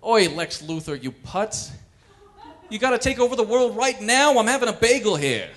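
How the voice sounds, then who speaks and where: A man's voice: high-pitched, sing-song, normal speed, fairly bright tone, pitched above the performer's own voice. A man putting on a brash New superhero. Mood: irritated.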